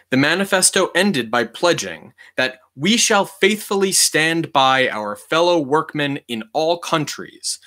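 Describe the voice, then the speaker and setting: A man reading a history book aloud in a measured, deliberate way, leaning on key words for emphasis. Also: a little high, pushed and bright.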